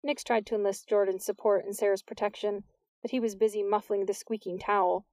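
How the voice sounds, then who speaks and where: A woman narrating an audiobook in a steady, even storytelling voice at an ordinary middle pitch. It is recorded close on a dry mic, with no room sound around her. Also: brisk, no room sound. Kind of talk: scripted narration.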